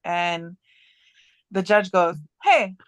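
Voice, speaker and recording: A woman's voice: lowish voice, expressive, very slow, smooth, dry recording. A woman as a podcast guest in casual chat, telling a rambling story with many restarts and fillers.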